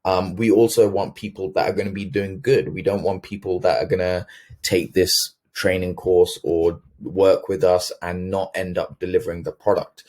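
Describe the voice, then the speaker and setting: A man's voice: sits low, level tone, normal speed, mellow. A man hosting a sales webinar, talking earnestly with many ums and restarts. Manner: earnest, filler-heavy, self-correcting. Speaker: webinar host.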